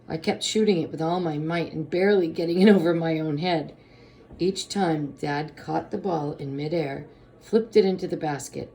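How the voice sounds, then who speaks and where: A woman reading a children's storybook aloud in a steady first-person narration. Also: sits low, vocal fry.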